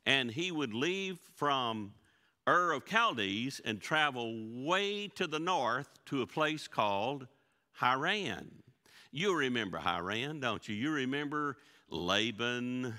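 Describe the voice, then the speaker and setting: A man's voice: mid-range voice, animated, slow pace, bright, forceful tone. A man teaching a Bible lesson to his congregation, folksy and often asking them questions. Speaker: pastor teaching a Bible study. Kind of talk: interactive church Bible lesson. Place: church sanctuary. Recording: long church hall reverb.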